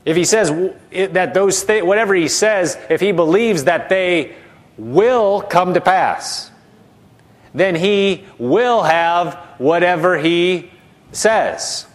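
A man preaching a sermon, emphatic and repetitive, dropping soft and low to model spoken declarations. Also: animated, slow.

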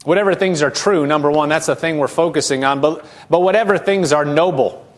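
A man's voice: a little high, brisk. A male pastor preaching a sermon, asking his congregation questions and repeating words as he goes.

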